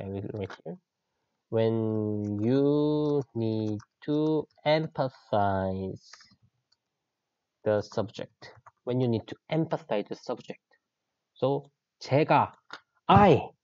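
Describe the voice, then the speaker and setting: A man with a Korean accent teaches an online lesson, switching between English and Korean words. His voice is mellow and dark. He repeats key phrases patiently, and the recording sounds a little dull. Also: medium pitch, no room sound.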